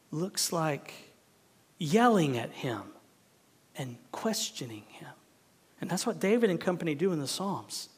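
A male pastor preaching an impassioned sermon in a church. He swings between shouted pleas and hushed, quiet lines. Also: fairly high pitch, slightly rough. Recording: long hall reverb.

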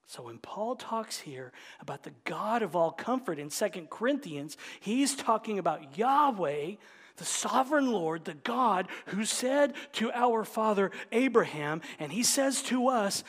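A man preaching a sermon as pastor, moving from loud emphatic stresses down to hushed near-whispers. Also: sits high, lively intonation, measured pace, long reverb tail.

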